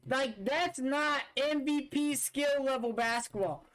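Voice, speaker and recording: High-voiced young man arguing bluntly. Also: takes it slowly, a bit bright. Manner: blunt, dismissive, profane arguing. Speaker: streamer reacting to game footage. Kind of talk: casual livestream commentary.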